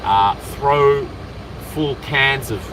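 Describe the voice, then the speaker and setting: An Australian man chatting to camera outdoors in an excitable, rambling way, jumping between topics. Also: mid-range voice, very slow, poor audio. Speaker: vlogger. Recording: outdoor street noise, traffic behind.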